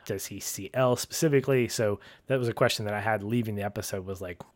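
With a fairly low pitch and a quick pace, a man co-hosts a podcast, recapping a TV episode conversationally. He acts out the characters' lines with animation, and there's no echo.

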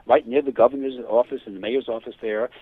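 A man being interviewed as a hypnotherapist guest, telling cases in a lively way and acting out the quoted speech. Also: medium pitch, quick pace, a little hiss or hum. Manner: animated, acts out quoted dialogue. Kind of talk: phone interview storytelling. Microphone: telephone. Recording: tinny dry phone line.

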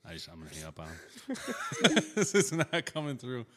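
A man's voice: medium pitch, huge pitch swings, normal speed, bright, forceful tone, in a large hall. A man hosting a casual podcast chat, enthusiastic and often laughing as he tells stories. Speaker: podcast host.

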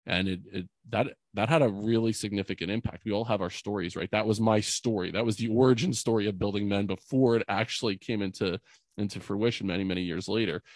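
A man's voice: lowish voice, steady tone, fast talker, a little mellow, no echo. A man in his forties, a podcast guest, telling a personal story in an earnest, emotional way, full of fillers. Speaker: podcast guest, youth mentor.

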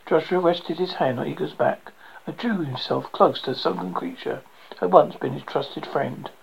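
A gravelly storyteller reading a tale aloud in plain audiobook narration, pitched in the middle, with occasional restarts over a word. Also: normal speed, slight background noise, rough recording. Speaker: reader.

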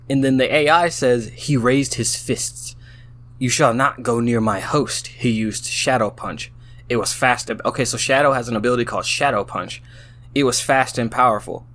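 Tipsy dude reading a weird ai story out loud, mid-pitch voice, keeps going huh? what?. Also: male voice. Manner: reads story lines aloud, then breaks off into baffled exclamations. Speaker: host reading out an AI-written story. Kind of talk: casual reading aloud with running commentary.

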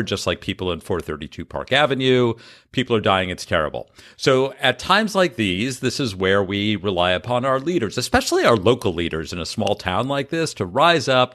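A man's voice: on the low side, fairly bright tone. A man co-hosting a casual chat show, telling a news story with sarcastic asides. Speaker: podcast co-host.

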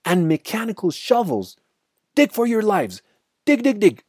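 A man voicing a brave father fox in a storybook, urging his family on with shouts and pants. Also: high voice, huge pitch swings, unhurried, breathy edge, dry recording, clean studio sound, pitched above the performer's own voice, heavily acted. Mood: urgent. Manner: urgent, shouting, panting.

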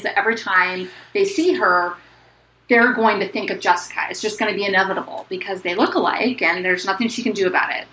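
A woman's voice: medium pitch, bright, forceful tone. A woman casually discussing a book, chatty, with many fillers and passages read aloud. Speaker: book podcast co-host. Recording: echoey room with faint noise.

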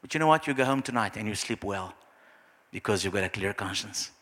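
A man preaching a sermon as pastor, acting out little scenes in soft, low voices. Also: expressive, fairly quick. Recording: long hall reverb.

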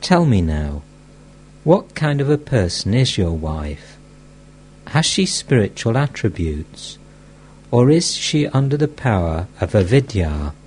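A man's voice: fairly low pitch, sing-song, takes it slowly, a little mellow, a little hiss or hum. A man reading the part of an elderly mystic teacher who scolds bluntly and speaks with affection.

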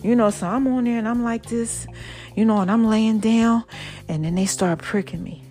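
Expressive woman podcaster telling her story. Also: a little high, moderate pace, soft background music. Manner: expressive, conversational, addresses listeners directly as y'all and baby. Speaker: podcast host. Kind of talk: personal storytelling to listeners.

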